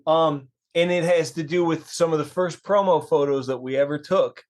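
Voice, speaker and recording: A man with a somewhat high voice tells a long, crude anecdote on a podcast. He swears freely and keeps the story rolling with energy. He is a visiting band member among friends. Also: moderate pace. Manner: profane, animated anecdote telling.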